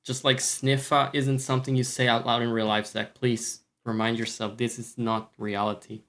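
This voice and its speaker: Streamer, Scottish man, casual live chat, self-mocking and sweary, mid pitch. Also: level tone, moderate pace, fairly bright tone.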